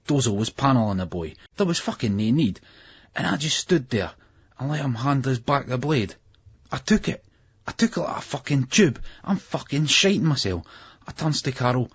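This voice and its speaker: A man narrating a first-person novel in a raw, gritty way, with a husky voice. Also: mid-range voice, lively intonation, normal speed. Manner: gritty, raw delivery with heavy swearing. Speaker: audiobook narrator. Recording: muffled lo-fi audiobook recording.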